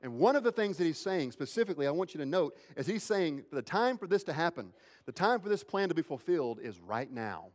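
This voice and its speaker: A male pastor preaching a sermon, swinging between emphatic, raised lines and hushed, slow ones. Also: on the high side, sing-song, in a large hall.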